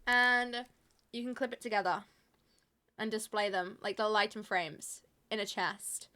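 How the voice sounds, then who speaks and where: A woman's voice: medium pitch, fairly even intonation, moderate pace, sharp tone. A young woman chatting casually to viewers on a live stream, swearing freely and laughing often.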